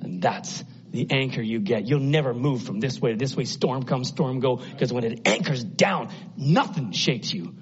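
Man preaching a sermon, husky voice, impassioned, hushed then soaring, dull lo-fi recording. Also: lively intonation, moderate pace, hardly any pauses. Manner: impassioned, swinging from hushed to loud and high.

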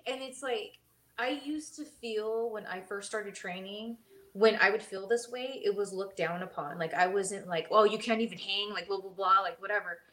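Animated woman telling wrestling stories. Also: normal speed. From Mexican heritage. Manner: animated, acts out quoted voices with big pitch jumps. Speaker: podcast co-host; former wrestler. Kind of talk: casual storytelling chat.

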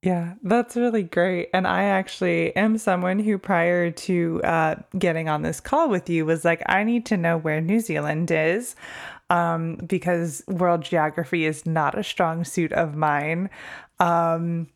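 A woman's voice: fairly low pitch, steady tone, unhurried, creaky. A woman interviewing a guest in a friendly, curious way, with casual fillers.

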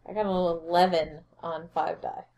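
A woman playing a tabletop game, speaking softly and casually. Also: lowish voice, little pitch movement, normal speed, muffled recording, very noisy. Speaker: player.

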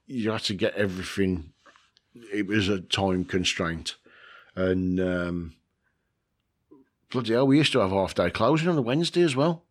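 A man's voice: sits low, a bit bright. A man, chatting casually in a rambling way, with chuckles, swearing and lots of fillers. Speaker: vlogger. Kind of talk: casual chat.

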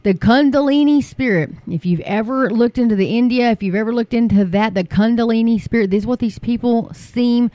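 A woman's voice: a little high, a little fast, hardly any pauses, dark tone, dry recording. A woman from the United States hosting an online talk show, chatting to viewers in an emphatic, filler-heavy way that rises into pleading. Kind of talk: casual commentary to viewers.

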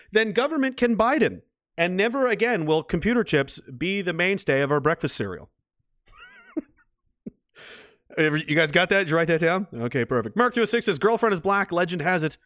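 A man's voice: fairly high pitch, a bit bright, no echo, clean studio sound. A middle-aged man hosting a casual livestream, reading out chat messages and rambling in a profane, mocking way, with frequent laughs.

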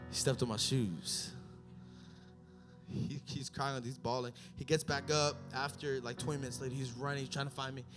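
A young man preaching a sermon, telling stories and building up to shouted climaxes. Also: medium pitch.

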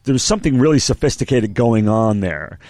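Animated, joking male podcast co-host. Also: medium pitch, brisk, no room sound. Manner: joking, meandering, lots of fillers. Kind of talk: casual chat.

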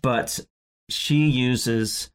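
Man, casual co-host, mid-pitched, rambling storyteller who laughs often. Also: fairly even intonation, very slow, smooth. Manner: rambling, laughs often, many fillers and restarts. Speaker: podcast co-host. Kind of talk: casual chat recapping episodes.

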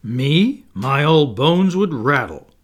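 A man's voice: mid-range voice, slow pace, gravelly, fairly bright tone, heavily acted. A man voicing a cocky boy leader who jovially plays the grand old father.

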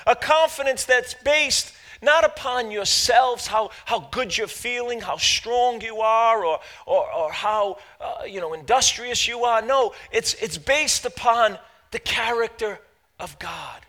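A middle-aged man preaches a sermon in a high, bright voice. He talks in halting stretches full of fillers and repeated words, then builds to loud, fervent declaration. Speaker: pastor.

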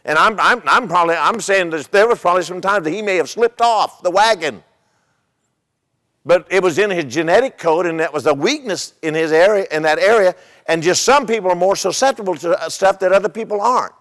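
Older male pastor, high voice, loose conversational sermon delivery with stories. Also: a little fast, a bit bright, in a large hall. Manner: conversational, repeats words, tells humorous stories.

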